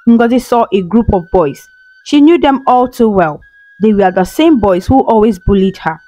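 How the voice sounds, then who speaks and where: A woman storyteller narrating a folktale in a calm, earnest scripted way. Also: medium pitch, rough recording.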